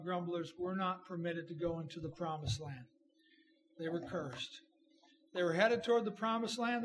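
High, bright-voiced preaching man. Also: a little hiss or hum. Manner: impassioned, swinging from shouts to low murmurs. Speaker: pastor. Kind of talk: sermon.

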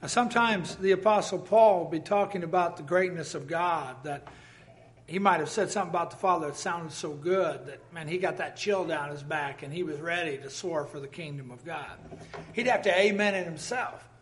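A man's voice: on the high side, moderate pace, a bit bright. A man preaching a sermon in a conversational, exuberant way, with frequent exclamations and occasional coughing.

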